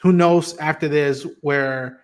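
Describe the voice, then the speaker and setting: A man's voice: a little high, fairly even intonation, takes it slowly. A man hosting a casual interview stream, asking long winding questions in a friendly way. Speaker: host.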